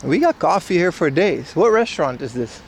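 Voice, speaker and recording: A man's voice: fairly high pitch, sing-song, normal speed, a little hiss or hum. A young man chatting casually and joking with his viewers on a livestream, recorded outdoors in a city. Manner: joking, banter with chat. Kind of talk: casual IRL stream chat.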